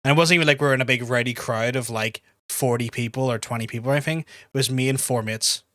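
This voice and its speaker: A man's voice: mid-range voice, fast talker, no room sound, clean studio sound. A young man with a Northern Irish accent, chatting casually and swearing a lot while streaming a game. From Northern Ireland. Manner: sweary, rambling, animated storyteller. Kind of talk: casual live-stream chat while gaming.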